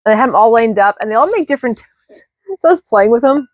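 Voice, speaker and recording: At home, a woman casually rambles through a show-and-tell of her thrift finds, self-deprecating and restarting often. Her slightly high voice is animated and quick, with no echo.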